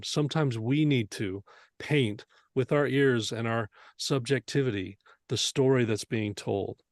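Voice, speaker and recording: A man's voice: medium pitch, no room sound. Man explaining mixing in a dry room. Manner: earnest, explanatory, with rhetorical questions. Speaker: mixing instructor. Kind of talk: teaching a lesson on mixing.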